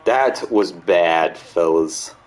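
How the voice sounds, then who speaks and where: A man casually commentating his own football video game, often frustrated, swearing and yelling at his players. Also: deep voice, extremely slow.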